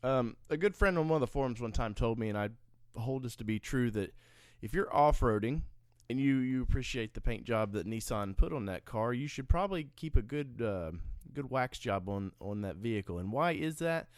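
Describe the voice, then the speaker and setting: A man's voice: mid-range voice, lively intonation, normal speed, clear, resonant tone, no echo, clean studio sound. Guy hosting an off-road podcast from the trail, jokey rambling chat. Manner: joking, rambling, self-mocking. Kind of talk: casual chat.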